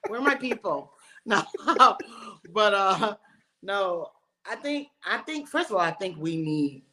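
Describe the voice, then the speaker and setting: A woman in her forties, a comedian telling animated, bawdy stories and laughing often in a casual interview. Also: low-pitched, unhurried. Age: 40s. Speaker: comedian guest.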